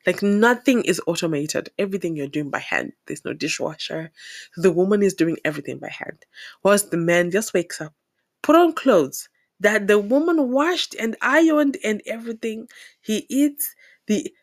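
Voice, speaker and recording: A young woman from Zimbabwe talking to the camera in a casual, opinionated monologue, animated and exasperated, laughing often. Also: mid-range voice, moderate pace. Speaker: vlogger.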